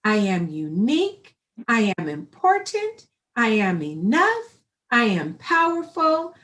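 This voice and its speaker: A woman's voice: sits high, animated, slow pace. Woman voicing a hopeful little girl. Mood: triumphant. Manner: pleading, then affirming.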